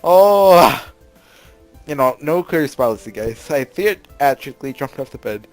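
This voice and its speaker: Man, let's play host, reads game text aloud, playful character voices, frequent laughter, slightly high pitch. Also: moderate pace, soft background music. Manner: laughs often, bursts into loud excited reactions.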